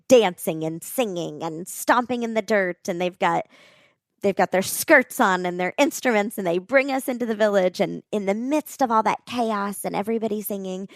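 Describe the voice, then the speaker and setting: A woman telling a heartfelt story as a podcast guest, earnest and animated, with many casual fillers. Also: medium pitch, no echo, studio quality. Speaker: podcast guest, nonprofit co-founder.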